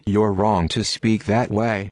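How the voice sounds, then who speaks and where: A grave, questioning priest speaks in a low, measured voice, read by a man narrating an audiobook. His tone is solemn and searching. The sound is dry and close. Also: level tone, darkish tone, dry recording. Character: Italian-speaking male priest, probing, grave.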